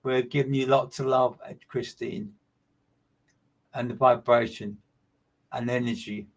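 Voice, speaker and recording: A man's voice: mid-range voice, fairly even intonation, a little slow, creaky. A man working as a medium, giving a live streamed reading in a repetitive, emphatic way and greeting listeners by name.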